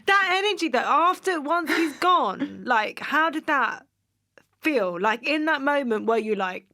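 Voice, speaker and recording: A woman's voice: high-pitched, expressive, measured pace. A woman hosting a podcast, chiming in and asking follow-up questions in a casual chat. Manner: warm interjections and probing follow-up questions. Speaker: podcast host.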